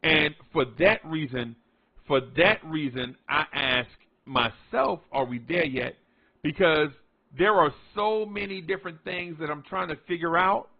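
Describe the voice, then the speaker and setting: Gravelly New man musing on basketball. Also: a little high, highs cut off. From New York tri-state area. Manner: repetitive, emphatic, drawn-out key words. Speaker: sports fan vlogger. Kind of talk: casual sports commentary.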